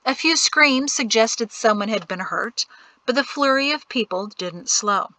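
Bright-voiced woman narrating an audiobook. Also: fairly high pitch, low-quality recording. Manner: even, measured storytelling. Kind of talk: scripted narration.

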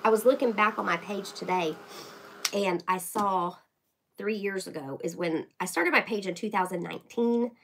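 Husky woman chatting while crafting. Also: medium pitch, normal speed, a bit bright, rough recording. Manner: chatty, greets viewers by name while painting. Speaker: craft livestream host. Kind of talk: casual live craft chat.

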